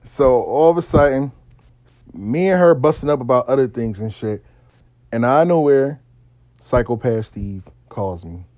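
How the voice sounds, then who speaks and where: A man casually telling a story in a slangy, profane, animated way as a spiritual practitioner. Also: medium pitch, moderate pace, no echo, lo-fi sound.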